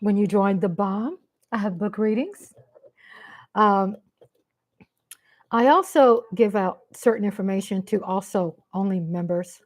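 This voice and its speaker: A woman's voice: medium pitch, unhurried. Chatty woman hosting a live stream. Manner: chatty, promotional, with frequent "um" fillers. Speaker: channel host. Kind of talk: casual live-stream chat.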